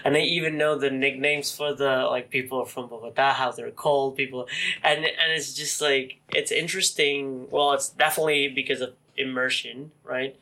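Podcast guy, bright tense voice, rambly, says like constantly, gets animated. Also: moderate pace, rough recording. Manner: rambling, leans on "like" a lot; animated, jumps into higher voices for quotes. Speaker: podcast co-host. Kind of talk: casual chat.

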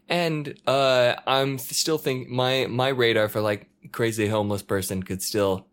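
Chatting casually in a multi-story apartment, a man spins a lively story, acting out the quoted voices by jumping up to shouts and falling back to a mutter. His middle-range voice is clear and resonant, and he moves unhurriedly with few pauses.

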